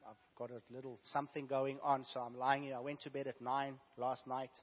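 A man preaches a sermon in a husky voice, sick with a fever and sore throat. He drops to hushed asides, then rises to loud, emphatic exclamations. The sound is dull and lo-fi, with a long echo from a church hall. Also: medium pitch, flat delivery, a little fast. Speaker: pastor.

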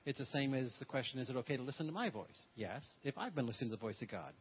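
A man's voice: medium pitch, animated, racing, husky, muffled recording. A man preaching a sermon with a humorous manner, calling on his congregation to repeat phrases after him. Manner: humorous, call-and-response with congregation. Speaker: pastor.

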